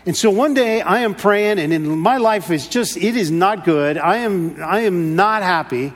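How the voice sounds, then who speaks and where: A man's voice: sits high, measured pace. A middle-aged man preaching a sermon and telling a personal story in an earnest, repetitive way. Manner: earnest storytelling, repeats words, rising exasperation. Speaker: pastor. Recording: hall reverb.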